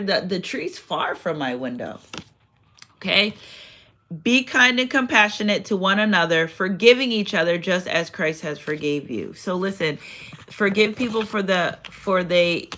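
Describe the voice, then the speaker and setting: Bright-voiced woman doing a card reading. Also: medium pitch. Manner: chatty, repeats phrases, reads out affirmations. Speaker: tarot card reader. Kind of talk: casual spiritual reading to camera.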